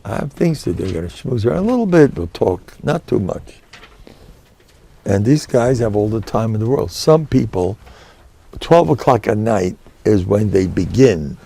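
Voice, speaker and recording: Gravelly older rabbi telling stories. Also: male voice, lowish voice, measured pace. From United States. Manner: chatty, animated, peppered with Yiddish and Hebrew words. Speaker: rabbi giving a class. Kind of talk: anecdotal storytelling lecture.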